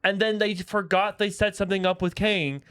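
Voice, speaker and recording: High-voiced joking man co-host. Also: steady tone, fairly bright tone, clear, resonant tone. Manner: playful, quick to joke, halting restarts. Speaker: podcast co-host. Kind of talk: casual chat.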